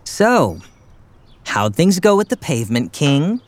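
A man playing a sarcastic, laid-back teenage boy with dry, deadpan humor in an audio drama. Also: on the high side, slow pace, noisy background. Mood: wry. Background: music.

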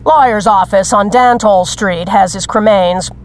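An actress playing a brisk, businesslike woman agent who manages a schedule. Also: mid-range voice, close to an everyday voice.

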